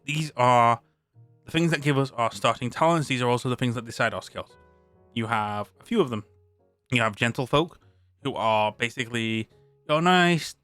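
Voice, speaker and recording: A man from Britain works through a tabletop rulebook live on stream, pausing to chat between sections and going back over stumbled words. His mid-range voice comes across bright and crisp in a close, dry recording. Soft music plays quietly in the background.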